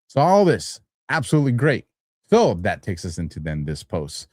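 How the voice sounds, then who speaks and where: A man's voice: fairly low pitch, huge pitch swings, moderate pace, dry recording, studio quality. Tired man rambling on a livestream. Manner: rambling, chuckles between phrases, grows heated and louder when arguing. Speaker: host of a live-streamed talk show. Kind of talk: casual live-stream commentary. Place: studio.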